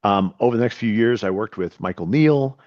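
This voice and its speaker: A man's voice: on the low side, a little fast, darkish tone, no echo, dull audio. A middle-aged man, a podcast guest and coach, tells his story earnestly, often repeating and restarting his words. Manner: earnest, with frequent repetitions and restarts. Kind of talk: storytelling in an interview.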